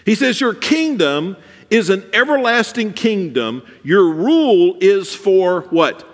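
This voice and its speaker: Male pastor preaching, high voice, long church reverb. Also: sing-song, slow pace. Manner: preaching with swings between soft and emphatic. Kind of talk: sermon.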